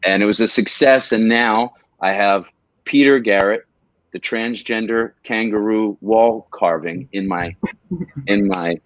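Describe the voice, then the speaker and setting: A man's voice: on the low side, a little slow, no room sound, dull audio. A man chatting as a podcast guest, eagerly telling rambling stories. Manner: enthusiastic, rambling storyteller. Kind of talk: casual chat.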